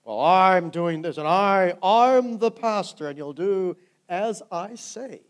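A man's voice: high voice, expressive. A man putting on the voice of an arrogant pastor who orders his flock around. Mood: domineering. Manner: domineering, slow and loud. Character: bossy arrogant male pastor.

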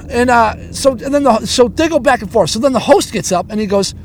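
A man with a strikingly high voice tells a story as an angry, foul-mouthed rant, tripping over his words and stuttering as he works himself up. He talks from inside a vehicle, with a faint hum of road noise behind him. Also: normal speed. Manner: angry, profanity-laden, stammering. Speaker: stand-up comedian.

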